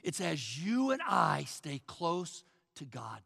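Male pastor, sermon delivery: high bright gravelly voice, loud-to-whisper dynamics, long reverb of a church hall. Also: sing-song, takes it slowly. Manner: preaching with dramatic swings from loud calls to hushed near-whispers.

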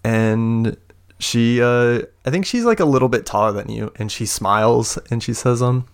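A man's voice: medium pitch, moderate pace, clean tone. A man narrating as game master of a tabletop game, hesitant, with many fillers and restarts.

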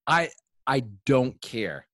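A man chatting casually and telling a story. He rambles and swears, with plenty of fillers, in a middle-pitched voice. The sound is dry and close, with no room around it. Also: very animated, slow pace, fairly bright tone, no room sound. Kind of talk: casual chat.

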